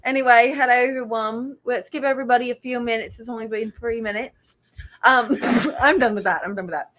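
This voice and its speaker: A woman's voice: fairly high pitch, a little fast, fairly bright tone. Bubbly woman with a slight lisp. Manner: bubbly, laughs often, loses her thread. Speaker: book club host. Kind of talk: casual livestream chat. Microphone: computer mic on a livestream.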